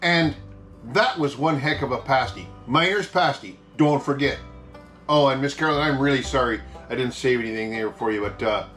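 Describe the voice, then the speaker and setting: A man's voice: mid-range voice, moderate pace, a bit bright, faint music behind. A man with an Upper Michigan Yooper accent, hosting a jokey mock food-review show in a folksy, hammy way. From Upper Peninsula of Michigan. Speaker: comedy vlog host.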